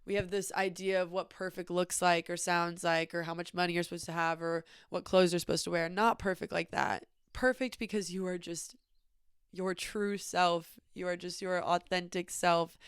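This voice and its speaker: A woman's voice: fairly low pitch, clean tone, no room sound, clean studio sound. A young woman telling a personal travel story in a casual, chatty way, full of fillers. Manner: chatty, many "like" fillers, animated retelling. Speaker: podcast host.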